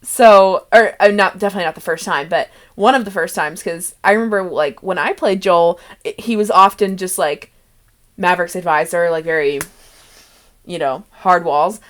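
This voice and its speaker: A woman's voice: lowish voice, normal speed, a bit bright. Giggly, rambling young woman game master. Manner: rambling, giggly, laughs often between thoughts. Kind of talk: casual chat about a tabletop campaign.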